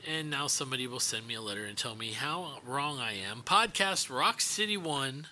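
A man's voice: medium pitch, expressive, moderate pace, pushed and bright, slight background noise. A man hosting a podcast in casual, joking banter, teasing his co-hosts. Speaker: podcast host.

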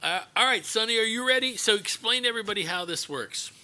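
Male podcast host, bright and a little high, joking and teasing. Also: lively intonation, fast talker, dry recording. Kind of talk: casual podcast banter.

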